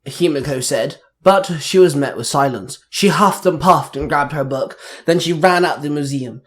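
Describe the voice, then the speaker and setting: Guy reading out a fan superhero story, kinda high voice, steady pace. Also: moderate pace. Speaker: narrator. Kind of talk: amateur storytelling narration.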